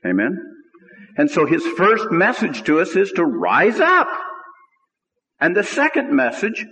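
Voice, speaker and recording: A man's voice: high voice, wildly swooping pitch, measured pace, bright, forceful tone, big-room sound, low-quality recording. A man preaching a conversational sermon on scripture, emphatic and building to fervent peaks, heard on a radio broadcast.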